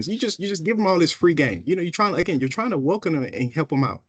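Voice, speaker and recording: A man presenting a workplace training in a casual, animated way, acting out coworkers' voices as he goes. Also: fairly high pitch, fast, husky, dry recording. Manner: animated, conversational, acts out coworkers. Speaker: equity officer presenting a workshop.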